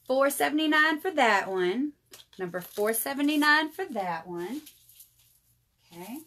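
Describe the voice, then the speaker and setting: A woman's voice: sits high, animated, a little slow, fairly bright tone. A woman, chatting through a live jewelry sale and calling her viewers y'all. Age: 30s. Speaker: jewelry seller. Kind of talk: live jewelry sales stream.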